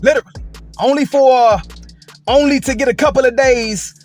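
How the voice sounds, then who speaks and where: A man's voice: extremely high pitch, fairly even intonation, moderate pace, soft background music. A man hosting a commentary video, speaking emphatically and checking in with "right?". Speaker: host.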